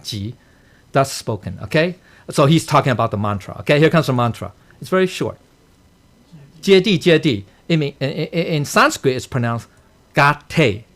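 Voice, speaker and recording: Animated male teacher checking in constantly. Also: mid-range voice. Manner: checks in constantly with "okay?" and "right?"; chuckles at his own jokes. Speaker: dharma teacher. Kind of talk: explaining a sutra to a class. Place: temple study class.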